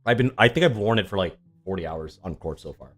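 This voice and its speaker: A deep, fairly bright voice comes through fast and animated from a young man streaming live as a tennis YouTuber. He responds to viewers in a loose, sarcastic ramble dotted with ums.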